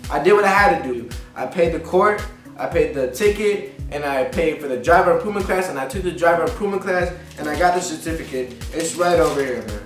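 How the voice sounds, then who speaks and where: A man's voice: a little high, fairly quick. A man ranting casually in a vlog, venting with frustration and lots of profanity, going over the same points again and again. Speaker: vlogger. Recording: echoey room, distant mic, faint music.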